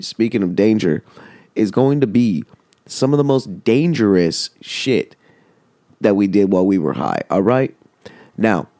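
A man's voice: on the low side, warm tone, no echo, clean studio sound. A man casually telling a story, rambling and swearing, with lots of "like". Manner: rambling, profane, full of "like".

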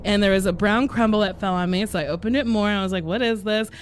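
A woman comedian answering rapid-fire questions, frank and animated, with playful asides. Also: mid-range voice, slight background noise. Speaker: stand-up comedian.

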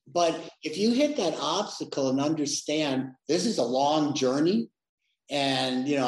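A man being interviewed, talking reflectively with many restarts. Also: a little high. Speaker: interview guest, sales leader. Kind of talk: conversational interview. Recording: echoey room.

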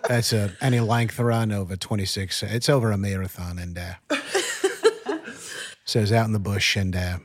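A man's voice: lowish voice, steady tone, rapid-fire, hardly any pauses, sharp tone. A man doing a clumsy lost Australian runner. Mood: rambling. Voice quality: hammy put-on Australian accent.

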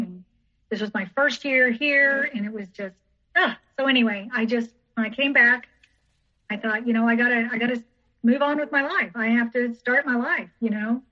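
Woman, podcast guest, recounts her past in a rambling, repetitive way; fairly high voice; muffled lo-fi recording. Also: pushed and bright. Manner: rambling, repeats herself, acts out others' lines. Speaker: teacher. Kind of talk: personal storytelling in an interview. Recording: dull lo-fi recording.

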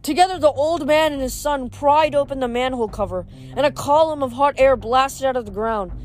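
A woman's voice: high-pitched, fairly quick, a little hiss or hum. A woman reading chapters of a novel aloud, often stumbling over words and restarting. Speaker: reader.

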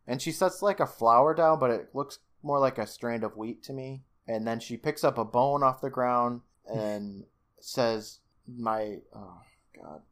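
A man's voice: medium pitch, unhurried, a bit bright. A man co-hosting a podcast, recapping a TV episode in casual chat, cursing freely, laughing often and acting out lines. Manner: swears freely, laughs often, acts out quotes. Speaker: podcast co-host.

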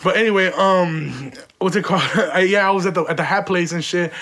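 A man's voice: high voice, brisk, a bit bright. A man telling a rambling, profane comic story from his own life in casual slang, full of "like" fillers. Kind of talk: comedic storytelling.

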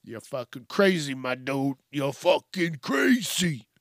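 Man, podcast host, profane exasperated rant, slightly high voice, dry close mic. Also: sing-song, slow, no room sound. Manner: profane, exasperated ranting with bursts of laughter. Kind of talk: ranting comedic news podcast.

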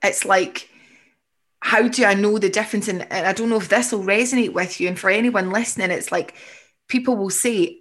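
Woman coach, calm and reassuring, average pitch, reflective delivery. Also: brisk. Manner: reassuring, reflective, voices inner thoughts. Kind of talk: coaching conversation.

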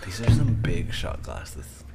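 A man's voice: on the low side, lively intonation, takes it slowly, over loud music. A man hosting a podcast, dropping in dry, teasing asides. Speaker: podcast host. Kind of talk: casual chat. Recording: clear background noise.

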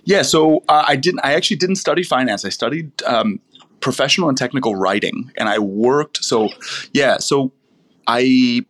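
A man's voice: medium pitch, normal speed, a bit bright. A man from the United States, a wine professional, telling long rambling stories in a casual interview, full of fillers and restarts. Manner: rambling, self-interrupting storyteller with many fillers.

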